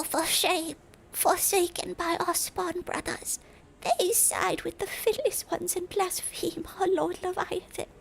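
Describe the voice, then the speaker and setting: A woman voicing a zealous, scornful male fish-man warrior from a game, in a slow, menacing, raspy half-whisper. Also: very high-pitched, voice pushed up, exaggerated voice. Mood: fanatical. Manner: slow, menacing, drawn-out delivery. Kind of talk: reading game dialogue aloud in character.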